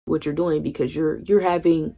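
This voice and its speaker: A woman's voice: low-pitched, fairly even intonation, moderate pace, gravelly, warm tone. A young woman vlogger telling a candid storytime, swearing freely and acting out what her friends said. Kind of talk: casual storytime.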